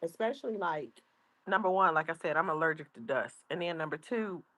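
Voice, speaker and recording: Grandmother livestreaming, chatty, lower voice, dry close sound. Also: a little fast, dry recording. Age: older. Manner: chatty, animated, reads chat aloud. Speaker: livestream host. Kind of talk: casual livestream chat. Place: outdoors at home.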